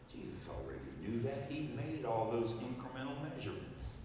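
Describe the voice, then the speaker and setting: A man in his seventies preaching a storytelling sermon, swinging from loud exclaiming to hushed quoted words. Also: medium pitch, slight background noise. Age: 70s. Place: large church hall. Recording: echoey hall, mic from far off.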